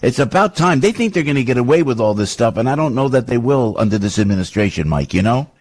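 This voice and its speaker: A man from New Jersey hosting a talk radio interview, chatty and rambling, his voice jumping up as he gets animated. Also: mid-range voice, fast, slightly rough. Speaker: radio host.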